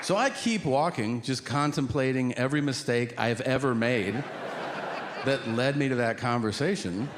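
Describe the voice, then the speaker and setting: A male stand-up comedian telling a story on stage, conversational and rambling, with deadpan asides. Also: medium pitch, moderate pace. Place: on stage at a live venue. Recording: reverberant venue with noisy ambience.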